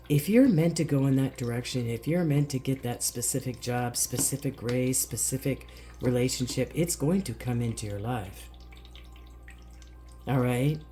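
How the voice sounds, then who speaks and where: A woman's voice: a bass voice, mellow, slight background noise. A woman giving an encouraging spoken card reading, talking straight to her viewers and often checking in with "all right?". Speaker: spiritual card reader.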